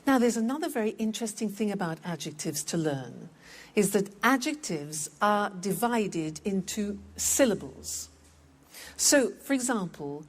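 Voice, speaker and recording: Slow, patient woman teaching English. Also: mid-range voice. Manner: clear, patient explaining that repeats words for practice. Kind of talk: scripted language lesson.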